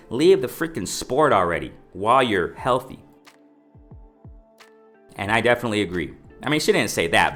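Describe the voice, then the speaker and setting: Emphatic man ranting about boxing. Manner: emphatic, repetitive, addresses viewers as ladies and gentlemen; lively pitch swings, mimics others in raised voice. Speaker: boxing commentary vlogger. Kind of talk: opinionated casual commentary.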